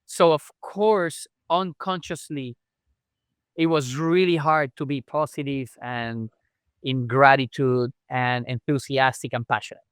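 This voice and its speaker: A man's voice: medium pitch, steady tone, a little slow, a bit bright, clean tone, no room sound. A chiropractor guest telling his story in a conversational podcast interview, acting out remembered dialogue as he goes.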